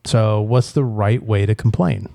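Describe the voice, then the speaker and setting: Mellow man wryly co-hosting a podcast. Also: lowish voice, a little slow, creaky, no echo, studio quality. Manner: wry, questioning co-host steering the topic. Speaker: podcast co-host. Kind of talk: casual podcast chat.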